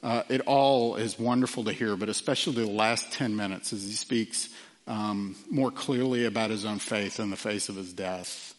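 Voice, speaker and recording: A man preaching a sermon earnestly, with frequent fillers and quiet drops for emphasis. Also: fairly low pitch, moderate pace, in a large hall. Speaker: pastor.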